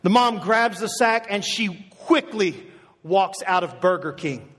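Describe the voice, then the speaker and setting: A male pastor preaching a sermon, telling an animated story with many asides and restarts. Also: sits high, measured pace, breathy edge. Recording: echoey hall with long reverb.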